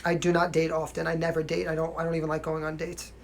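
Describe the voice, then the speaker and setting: A man's voice: fairly high pitch, completely flat delivery, quick pace, gravelly, slight background noise. A young man from New York with a mild New York accent, chatting casually on a livestream as a singer answering viewer questions, often asking "you know what I mean" and laughing.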